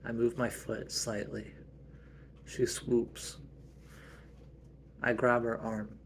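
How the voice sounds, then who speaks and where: A man telling a family role-play story in a slow, halting, earnest way. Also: mid-range voice, level tone, a little hiss or hum.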